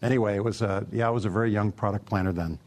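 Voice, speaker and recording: A middle-aged man with a gravelly voice, an automotive executive answering interview questions in an easygoing, anecdotal way with plenty of fillers. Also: on the low side, fairly even intonation, racing, darkish tone.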